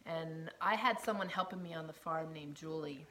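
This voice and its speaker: A woman's voice: low-pitched, moderate pace, slight background noise. Earnest woman telling her story. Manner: earnest, emotional, often drops to a hushed near-whisper, laughs between phrases. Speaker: storyteller sharing her testimony. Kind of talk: casual personal storytelling.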